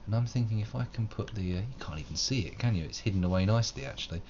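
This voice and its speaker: Streaming a game live, a very low-voiced man speaks very fast, rambling in a self-deprecating way and dressing up his thoughts in wordy, old-fashioned language. The audio, recorded at home, is slightly muffled with faint noise underneath.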